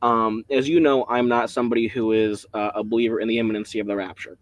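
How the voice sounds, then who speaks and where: Guy at home going on about bible greek, all excited and rambly, dry sound. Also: lowish voice, fast talker, no echo. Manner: rambling, excitable, self-interrupting. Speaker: Bible study teacher. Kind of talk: casual Bible study teaching.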